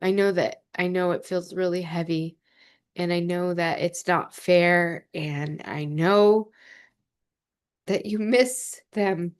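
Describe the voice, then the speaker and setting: A young adult woman talking gently and earnestly to camera about grief, with many fillers and restarts. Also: fairly low pitch, steady tone, takes it slowly, smooth. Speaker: vlogger. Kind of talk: heartfelt personal talk to camera.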